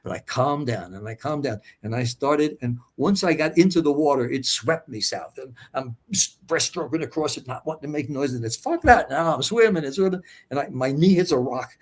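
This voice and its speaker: Older American man, husky, slightly high voice, profane storyteller who acts out every voice. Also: brisk, few pauses. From United States. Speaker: guest. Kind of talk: storytelling interview.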